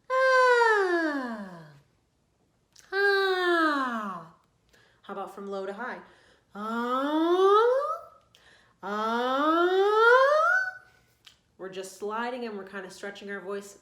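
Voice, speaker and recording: A woman singing coach guiding an online vocal warm-up lesson, giving calm, coaxing instructions. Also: medium pitch, fast talker, few pauses, roomy sound.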